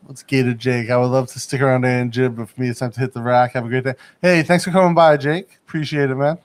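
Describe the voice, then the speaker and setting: A man's voice: medium pitch, fairly even intonation, fast talker. A man hosting a casual livestream chat from a studio in Bangkok. He rambles, laughs often and hedges his points. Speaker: livestream host.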